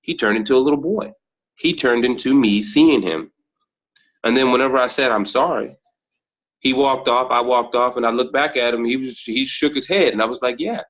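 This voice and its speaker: This podcast guest speaks at a moderate pace in a medium-pitched, slightly bright voice. He reflects on personal stories thoughtfully and performs the quoted dialogue within them, all captured with dull, lo-fi sound.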